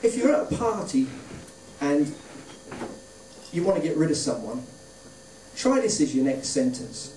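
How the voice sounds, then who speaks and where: A man's voice: on the high side, sing-song, measured pace, background noise. A man doing a stand-up comedy set on a club stage, delivering dry one-liners with offhand asides. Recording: roomy club sound, distant from the mic. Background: audience laughter.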